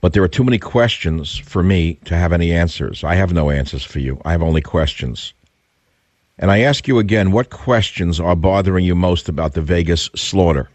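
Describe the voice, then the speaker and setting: A man's voice: deep voice, normal speed, darkish tone, dry recording. A man hosting a radio talk show, combative and indignant, firing off rhetorical questions. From United States.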